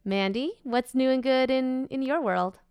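A woman co-hosting a podcast in casual chat, chatty and playful, quick to laugh. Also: sits high, a little mellow, clean tone, no room sound, studio quality. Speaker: podcast co-host.

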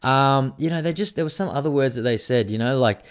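A man's voice: medium pitch, brisk, clear, resonant tone. Rambling, swearing Australian man in his thirties. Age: 30s. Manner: rambling, swearing, tipsy banter. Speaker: podcast host. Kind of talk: casual chat.

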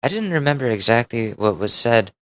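A man's voice: mid-range voice, sing-song, fairly quick, sharp tone, poor audio. A man, a podcast host, reading a Reddit post aloud and breaking in with wry asides and casual swearing.

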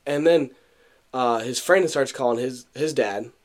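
Speaking unhurriedly in a mid-range voice, this young podcast co-host recounts a story during casual conversation. He voices other people's lines and often fills and restarts his sentences.

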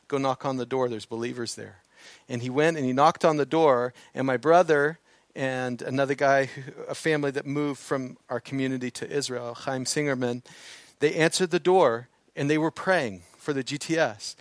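A man preaching a sermon, moving from quiet storytelling to emphatic, building preaching on scripture. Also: mid-range voice, no room sound.

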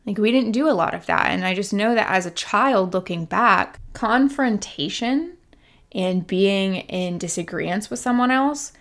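A woman's voice: mid-range voice, unhurried, fairly bright tone. A young woman, a life coach, telling a personal story in a candid, chatty way, full of "like" and "literally", with a laugh now and then. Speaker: life coach and podcast host. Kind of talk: casual storytelling monologue.

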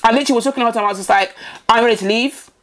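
Woman podcast host, quick and a bit high, acts out everyone's lines. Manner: animated storytelling, acts out quotes. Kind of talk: casual chat.

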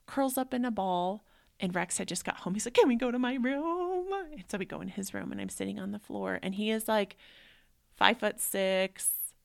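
A woman's voice: mid-range voice, creaky, dry recording, clean studio sound. A woman in her thirties hosting a podcast, telling a personal story in a conversational, heartfelt way, full of "like"s. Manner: conversational, many "like"s, emotional and heartfelt. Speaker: podcast host.

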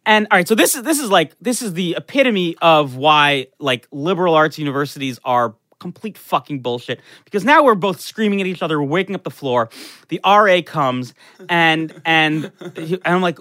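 A young man tells a crude story with animated, profane energy, piling up restarts and fillers. His voice is bright and forward, recorded close with almost no room sound. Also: a little high, a little fast, no echo. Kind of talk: casual comedic storytelling.

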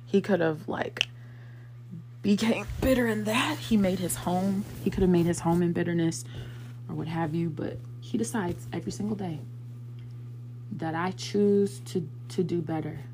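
A woman's voice: on the low side, normal speed, darkish tone, slight background noise. A woman in her thirties talking casually and reflectively in a personal vlog, full of fillers and acted-out quotes. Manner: conversational, many fillers, acts out quotes. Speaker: vlogger.

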